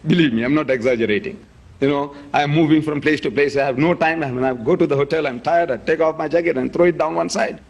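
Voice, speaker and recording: A man's voice: fairly high pitch, fast talker, vocal fry. A man lecturing an audience in an emphatic way, showing objects and repeating key words. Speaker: debate speaker.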